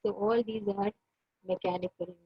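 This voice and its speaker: A woman lecturer with an Indian English accent teaching an online class, repeating points and pausing on many fillers. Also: mid-range voice, fairly even intonation, slightly rough, dry recording, muffled recording. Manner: repetitive, pauses with many fillers.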